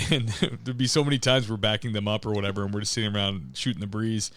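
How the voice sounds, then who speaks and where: An easygoing man who hosts a podcast, with a low voice, swapping stories in a joking, casual way. His sound is close and dry. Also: fairly even intonation, quick pace, fairly bright tone, dry recording. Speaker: podcast host.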